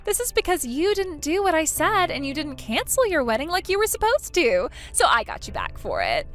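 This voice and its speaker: A woman's voice: extremely high pitch, huge pitch swings, a little fast, a bit bright, full character voice. A woman voicing a petty, spiteful young sister-in-law in a texting story, mocking and then whiny. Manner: mocking, pleading by turns.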